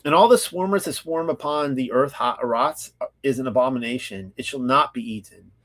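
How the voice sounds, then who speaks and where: A man in the middle of his range hosts a scripture study, reading the text out deliberately and then breaking into relaxed, rambling commentary. He grew up in California and talks with plenty of fillers and self-corrections. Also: medium pitch. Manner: reads slowly, then chats loosely with many fillers. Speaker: Bible study host.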